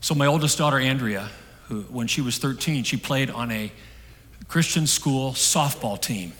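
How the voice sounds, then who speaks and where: A middle-aged man preaching a sermon, telling a story that swings from hushed and soft to loud. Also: medium pitch, moderate pace. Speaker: pastor. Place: church hall. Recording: long hall reverb.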